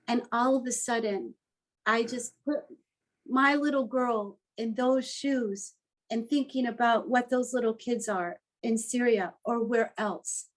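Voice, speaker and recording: A woman artist being interviewed, speaking with a slightly high voice. She tells her story in a heartfelt, earnest way and lets her emotion show. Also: unhurried, rough recording.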